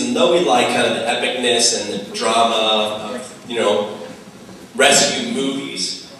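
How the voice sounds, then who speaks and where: A young man speaking to teens at a retreat, telling a personal story in a casual, animated way full of fillers. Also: mid-range voice, a little hiss or hum. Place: large hall. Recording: very echoey hall from far off.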